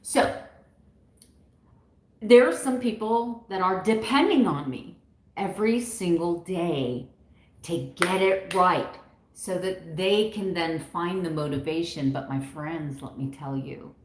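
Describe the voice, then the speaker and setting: Animated woman vlogging in an echoey room. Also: lowish voice, slow, slight background noise. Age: 50s. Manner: animated, quotes others in varied put-on voices. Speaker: keto vlogger. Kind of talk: heartfelt personal vlog monologue.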